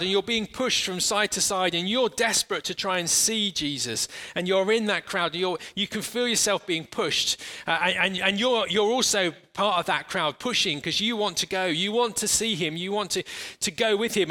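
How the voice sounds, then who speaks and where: A man preaching a sermon and leading listeners through a guided imagination exercise, earnest and halting, with frequent restarts, slowing and softening for the imagery. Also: high voice.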